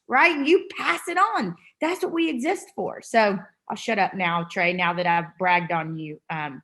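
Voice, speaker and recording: A woman hosting an online meeting, her voice sitting at an ordinary middle pitch. She speaks in a casual, gushing way, warm with pride and close to emotional. It comes through a video-call mic. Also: unhurried, hardly any pauses. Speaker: meeting host.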